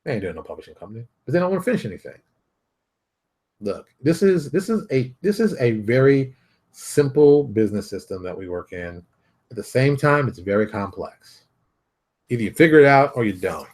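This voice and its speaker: Blunt husky man ranting. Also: medium pitch, big pitch swings, fairly quick, a little mellow. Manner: brash, repetitive, mocking put-on voices. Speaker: show host. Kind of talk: blunt motivational rant.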